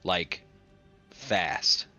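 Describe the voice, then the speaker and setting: Slow, bright-voiced tabletop game player. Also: faint music behind. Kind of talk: casual chat at a tabletop game.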